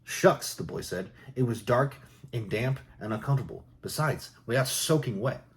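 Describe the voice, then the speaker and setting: A man reading jokes aloud in a soft, unhurried ASMR style. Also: medium pitch. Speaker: joke reader.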